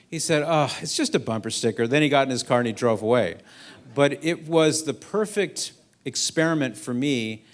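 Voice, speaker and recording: A middle-aged man gives a lively storytelling talk to a school crowd. His voice sits at an ordinary pitch. He swings it up and down as he acts out the other people in his stories. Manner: animated anecdote-telling, acts out quoted voices. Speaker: guest speaker. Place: school event hall.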